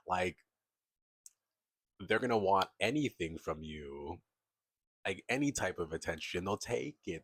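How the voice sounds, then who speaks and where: Deep-voiced man giving a chatty tarot reading. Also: a bit bright, no room sound. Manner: chatty, laughs often, acts out quoted people. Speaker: tarot reader.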